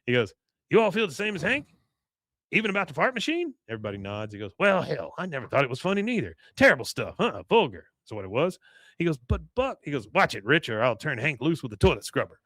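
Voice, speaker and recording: A man's voice: fairly high pitch, very animated, fast talker, a bit bright, no room sound. A man co-hosting a podcast, casually retelling a cartoon episode and quoting its characters with frequent laughs. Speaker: podcast co-host.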